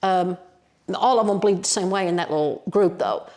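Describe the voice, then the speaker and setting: A woman with an Appalachian accent, a guest storyteller, telling a story in a lively, folksy way with colloquial mountain phrasing. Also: fairly low pitch, brisk. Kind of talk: animated oral storytelling.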